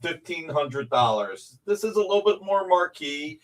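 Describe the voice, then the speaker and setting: A man talking through prices and payment options on a casual live stream, circling back over the same terms as he goes. His voice sits a little high for a man. He sounds like a seller walking buyers through a deal. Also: expressive, normal speed, low-quality recording. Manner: businesslike, rambling explanations of payment terms. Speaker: comics publisher selling original art.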